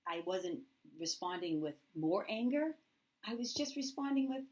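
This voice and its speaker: A woman's voice: mid-range voice, lively intonation, a little slow, a little mellow. A teacher speaking straight to camera, telling a personal story with candid feeling and acting out remembered dialogue in her own voice. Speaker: middle school teacher.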